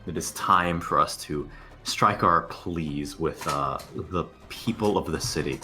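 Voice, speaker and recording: A man's voice: a bass voice, unhurried, sharp tone, soft background music. A man playing a tabletop game, hesitant and laughing, with many fillers. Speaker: player.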